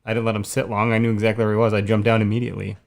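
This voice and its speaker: A man's voice: on the low side, racing, gravelly. A man in his thirties co-hosting a casual hunting podcast, telling stories with lots of animation. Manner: animated storyteller, acts out voices in anecdotes. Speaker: podcast co-host. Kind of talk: casual chat.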